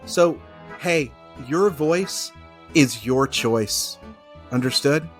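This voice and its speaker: A man voicing a calm older male mentor acting as a therapist, speaking in a coaxing, patient way. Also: medium pitch, extremely slow, soft background music. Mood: soothing.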